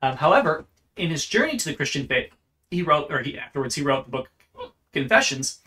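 A man's voice: a little high, very animated, brisk, bright, forceful tone. A man teaching church history in an unscripted lecture, earnest and explanatory, often restarting his phrases.

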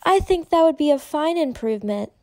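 Woman playing a patient mother, soothing, fairly high, dry. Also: animated, fairly quick, mellow, no room sound.

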